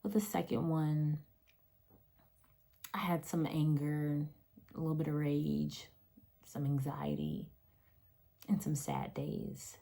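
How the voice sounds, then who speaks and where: A woman's voice: low-pitched, lively intonation, takes it slowly, vocal fry, pauses often, dark tone. A woman and mother of three telling her own story into her phone's front camera, emotional and earnest, repeating phrases for emphasis. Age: adult, mother of three. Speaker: vlogger sharing a personal story. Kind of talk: personal testimony vlog.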